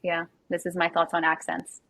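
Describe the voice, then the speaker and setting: Bright chatty woman host. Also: lowish voice, completely flat delivery, moderate pace, creaky, no room sound. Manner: chatty, quotes herself often. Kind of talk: casual chat.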